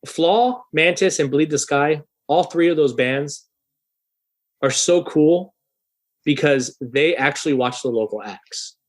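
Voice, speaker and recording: A thirty-year-old man telling a story in a casual podcast interview, animated and profane, loudly acting out the people he quotes. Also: a little high, takes it slowly. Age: 30s. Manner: animated, swearing, acts out quoted voices loudly. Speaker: guest musician.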